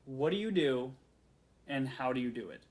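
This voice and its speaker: A man in his late twenties telling a story in a rambling, excitable way, full of fillers and restarts. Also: medium pitch, normal speed. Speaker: vlogger. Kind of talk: casual storytelling rant.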